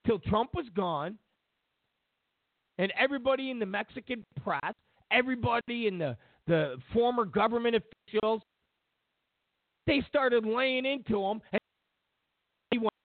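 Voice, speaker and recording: A man's voice: very high-pitched, expressive, measured pace, long pauses, no room sound. Sarcastic man ranting on politics. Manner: sarcastic, mocks others in exaggerated voices, repeats himself for emphasis. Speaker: political commentary host. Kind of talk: opinionated political rant. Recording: dry, phone-like narrow sound.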